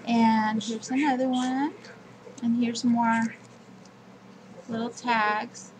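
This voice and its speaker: Slow-talking woman showing her crafts. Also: fairly high pitch, flat delivery, background noise. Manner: slow, homely walkthrough of pages. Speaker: crafting vlogger. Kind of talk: show-and-tell crafting video.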